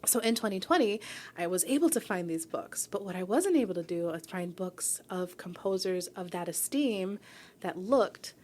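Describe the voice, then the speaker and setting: Woman in her forties from New York, radio guest telling her story, earnest and reflective, middle-pitched voice, keeps checking in with "right?". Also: animated, normal speed, darkish tone, slight background noise. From New York, USA. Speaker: guest, publisher and founder. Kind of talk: radio interview, personal story. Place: radio studio.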